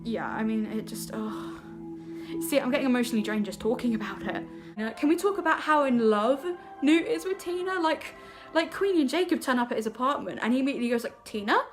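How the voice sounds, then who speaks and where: Young woman gushing about a movie, giggly and rambly, kinda high voice, soft music behind. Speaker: vlogger. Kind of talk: casual film review vlog.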